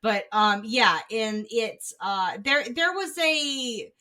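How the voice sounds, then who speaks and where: A woman co-hosting a relaxed book club podcast, talking slowly with plenty of "like" and "um". Her voice is bright and forward. She circles her point before landing it. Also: a little high. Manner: rambling, many fillers and restarts. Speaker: podcast co-host. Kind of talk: casual book club chat.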